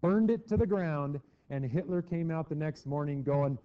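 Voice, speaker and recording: A middle-aged man lectures a class on history, chatty and lively, breaking into mock voices for the people he quotes. His voice sits a little high for a man. The recording is dull and lo-fi. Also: moderate pace. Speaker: teacher.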